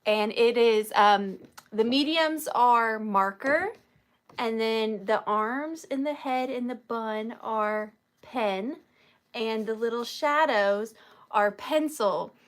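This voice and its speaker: A woman's voice: on the high side, takes it slowly. A woman in her thirties hosting a live vintage sale, chatting in a gushing, proud way. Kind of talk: casual live-sale chat.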